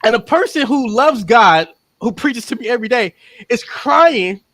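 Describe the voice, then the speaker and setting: A woman's voice: fairly high pitch, moderate pace. A woman podcast guest who tells a story with energy, acting out the voices of the people in it. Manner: acts out quotes, lively and exclamatory. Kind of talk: animated storytelling.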